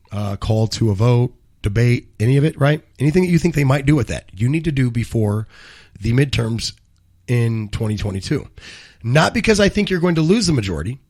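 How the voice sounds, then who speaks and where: A man's voice: mid-range voice, darkish tone, breathy edge. A man co-hosting a live cannabis news show, rambling and profane, often correcting himself mid-sentence. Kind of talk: casual live show banter and news commentary.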